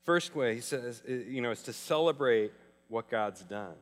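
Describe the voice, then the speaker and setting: A male pastor preaching a sermon in a conversational, emphatic way, slowing down on key phrases. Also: mid-range voice, animated, in a large hall. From Arizona, US.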